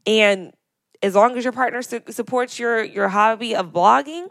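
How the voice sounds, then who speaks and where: A woman co-hosting a podcast, chatty and animated, who acts out little quotes as she talks. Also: fairly high pitch, moderate pace, no room sound, clean studio sound. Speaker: podcast co-host. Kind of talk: casual podcast chat.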